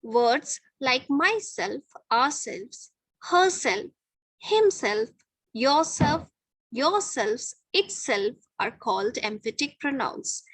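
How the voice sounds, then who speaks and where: A woman's voice: high-pitched, big pitch swings, slow pace, fairly bright tone, husky, no echo, low-quality recording. A middle-aged woman teaching a grammar lesson to children, patiently repeating each point and checking with "okay".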